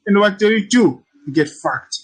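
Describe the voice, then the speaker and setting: On a roughly recorded, casual screen-share tutorial, a trading instructor with a high-pitched, expressive voice walks through his lessons at a moderate pace. He's brash and teasing, repeats his points, and swears freely.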